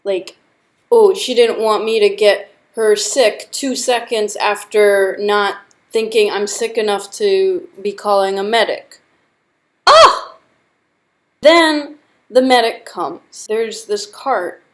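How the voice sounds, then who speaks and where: Speaking slowly at medium pitch, a young female vlogger with a sore throat dramatically recounts a story to the camera, her chatty talk packed with "like." The recording quality is poor.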